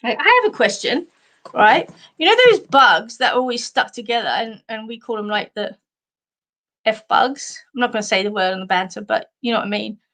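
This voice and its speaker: A woman's voice: fairly high pitch, expressive, a little fast, fairly bright tone. An Australian woman hosting a casual live chat, chatty and giggly as she reads out comments. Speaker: host of a live chat show.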